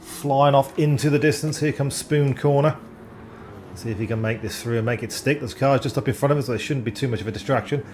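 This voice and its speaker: A man giving live, rambling commentary on an online sim race, excitable and often stumbling over driver names. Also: medium pitch, brisk, slight background noise.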